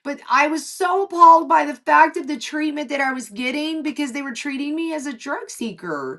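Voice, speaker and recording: A woman's voice: fairly quick, far from the mic. A woman chatting casually and telling a long story, acting out what people said and swearing freely. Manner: animated, swearing, acts out dialogue in lowered and raised voices. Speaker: livestream co-host.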